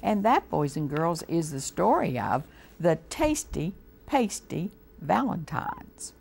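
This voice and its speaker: A woman with an American accent reading a storybook aloud to children on a TV show, slow and gently expressive. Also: on the low side, gravelly, breathy edge. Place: TV studio.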